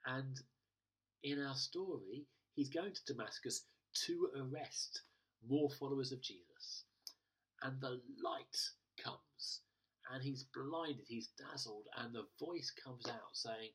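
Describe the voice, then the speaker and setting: A man's voice: mid-range voice, slow, a bit bright, breathy edge, far from the mic. A male pastor preaching a sermon in a conversational way, often restarting and hesitating, recorded in a church.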